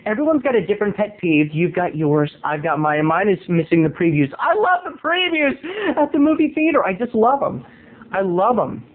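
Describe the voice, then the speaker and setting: A man's voice: high voice, very animated, normal speed, phone-quality sound. A man video blogging from home into his camera, telling a gossipy comic story in a theatrical, playful manner. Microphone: home camera mic.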